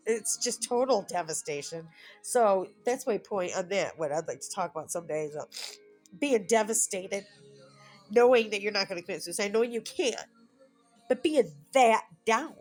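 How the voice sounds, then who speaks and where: A woman talking straight to her camera in a candid personal vlog. She rambles, breaks off mid-thought and picks up again, and lets short laughs slip in. Her voice sits at an ordinary middle pitch, and faint music plays behind her. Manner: rambling, heartfelt, self-interrupting with soft laughs; frank and confessional, occasionally swearing. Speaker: vlogger.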